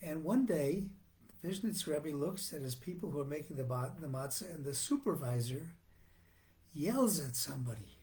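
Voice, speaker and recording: A male rabbi giving a sermon on the weekly Torah portion in a measured, earnest teaching manner with frequent restarts. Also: fairly high pitch, expressive, darkish tone.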